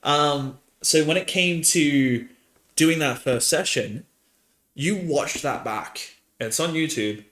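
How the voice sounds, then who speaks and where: A man, a podcast host and dungeon master, chatting casually and telling animated stories with laughter. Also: a little high, takes it slowly, roomy sound. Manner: rambling, animated storytelling with laughs.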